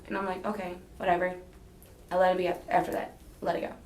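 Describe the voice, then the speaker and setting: She's an interrogation subject in an echoey room, talking fast in a flat, lowish, slightly mellow voice with a bit of background noise. What she tells police rambles and hedges, and she relays conversations as she speaks.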